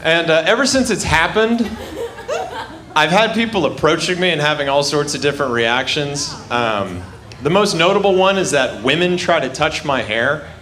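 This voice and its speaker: Man doing stand-up, slightly high voice, indignant emphatic rant, crowd laughing loudly. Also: lively intonation, normal speed. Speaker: stand-up comedian. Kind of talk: stand-up comedy set. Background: laughing audience.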